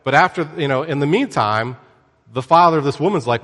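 A man giving a casual Bible lesson, conversational and joking, with lively asides to his listeners. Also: on the high side, fairly quick, in a large hall. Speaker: Bible teacher.

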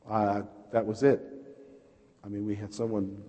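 A man's voice: on the low side, flat delivery, a little slow, long pauses, dark tone, husky. A man with a New York accent preaching a sermon, telling personal stories with passion and calling out to the congregation. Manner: passionate storytelling preacher, calls out "Amen?". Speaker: pastor. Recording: reverberant hall.

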